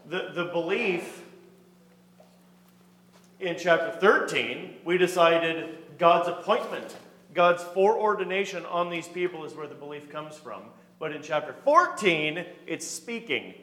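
A man's voice: fairly high pitch, animated, a little slow, fairly bright tone. A man teaching a Bible study class, reading scripture aloud and putting questions to the group. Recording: echoey hall.

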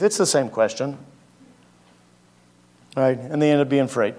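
A man's voice: medium pitch, normal speed, dark tone. A man, a pastor, preaching a conversational sermon and asking his listeners many rhetorical questions. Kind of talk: sermon teaching.

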